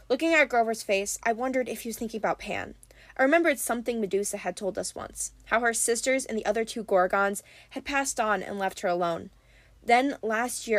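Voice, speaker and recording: A woman narrating an audiobook in a steady, measured reading. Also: medium pitch, no room sound.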